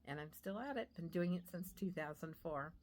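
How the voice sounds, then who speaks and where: Lower-pitched woman telling a story. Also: normal speed, slight background noise. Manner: animated, acts out quoted voices. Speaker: real estate agent. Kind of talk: casual storytelling.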